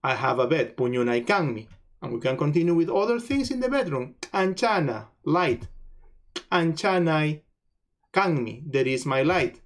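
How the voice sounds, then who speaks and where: A man speaking in a slightly high voice gives a recorded language lesson. He says each phrase twice, adds its translation, and stops now and then with fillers to look for the right word. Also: expressive. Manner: pauses to search for words, many fillers. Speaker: language lecturer.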